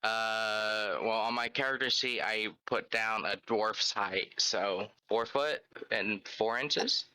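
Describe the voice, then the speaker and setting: A man playing a tabletop game, describing his actions haltingly with fillers. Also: fairly low pitch, bright, forceful tone, clear, resonant tone, low-quality recording. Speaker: player. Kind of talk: casual tabletop play.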